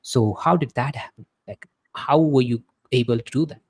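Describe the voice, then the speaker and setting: Low gravelly podcast host, dry sound. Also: male voice, moderate pace, no room sound. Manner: rambling, searching questions with many fillers. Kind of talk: podcast interview.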